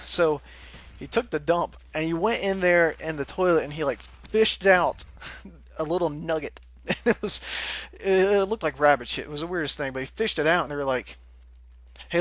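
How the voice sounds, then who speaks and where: A man's voice: fairly high pitch, fairly bright tone. A young man casually telling a rambling story, laughing often and swearing freely. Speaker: forum moderator telling a story.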